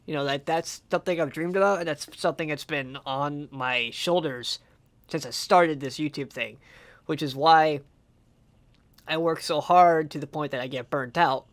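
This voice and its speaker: A man's voice: on the high side, moderate pace. Young man, music reactor, casual commentary, passionate, profane, rambling, emotional. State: emotional, near tears.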